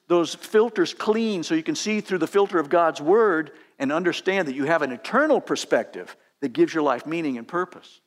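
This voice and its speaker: A man, a pastor, preaching a sermon with emphatic exhortations that rise in pitch.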